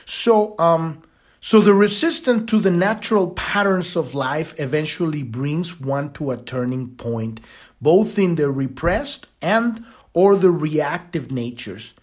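A man hosting a podcast, talking in a casual spiritual monologue, rambling and animated, swearing now and then and acting out quoted voices. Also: a little high, slow. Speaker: podcast host.

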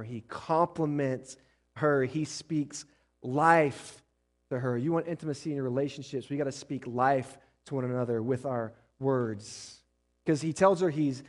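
A man preaching a sermon as pastor to a church, swinging between loud emphatic passages and soft intimate ones, often checking in with the congregation. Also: mid-range voice. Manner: preaching with rising and falling intensity, asks the congregation questions.

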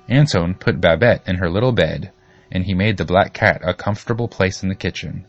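A man narrating a children's storybook in a steady, expressive reading. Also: low-pitched, a little fast, muffled recording, soft background music.

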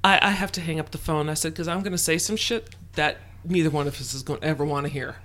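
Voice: mid-range voice, fast talker, sharp tone. An adult telling a personal story in a casual chat, acting out the quoted dialogue with lots of swearing.

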